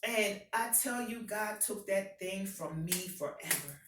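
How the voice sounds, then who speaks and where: A woman giving an impassioned personal testimony to a live audience, swinging from hushed to shouting. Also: mid-range voice, animated, a little slow, background noise. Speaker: motivational speaker. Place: event hall with an audience. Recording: echoey hall, voice picked up from far off.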